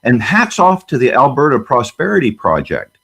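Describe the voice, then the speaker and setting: A man's voice: mid-range voice, huge pitch swings, normal speed, creaky, a bit bright, slightly rough. A man speaking as a guest on a panel discussion, fiery and emphatic, firing off rhetorical questions.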